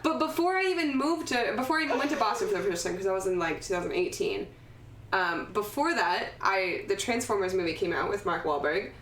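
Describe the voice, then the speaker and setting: A woman's voice: mid-range voice, fairly quick, fairly bright tone. A woman co-hosting a podcast in casual chat, rambling and laughing often as she swears freely. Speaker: podcast co-host. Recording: echoey room, distant mic, faint noise.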